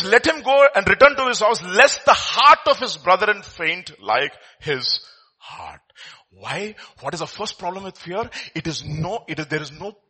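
Male pastor, high animated preaching voice, husky edge, rhetorical questions. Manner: expressive preaching with rhetorical questions, voice rising and dropping sharply; reads scripture aloud. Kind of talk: sermon.

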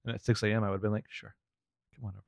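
A man's voice: lowish voice, very fast, vocal fry, no room sound, dull audio. Casual American man recapping a show. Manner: animated, swears often, narrates scenes with laughs. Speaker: podcast co-host.

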